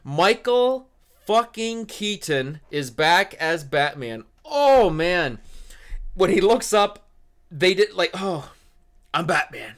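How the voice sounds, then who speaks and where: A young man rants on his podcast in a loose, casual way. He is openly excitable, swearing freely and breaking into loud exclamations as he talks. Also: sits high, slow pace, smooth. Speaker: podcast co-host.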